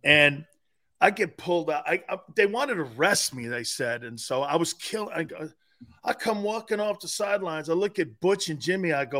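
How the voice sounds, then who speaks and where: A man co-hosting a casual sports talk show who talks bluntly and with profanity, dropping low and then barking out the words of coaches in his stories. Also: lively intonation, moderate pace, fairly bright tone. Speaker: co-host, former football player.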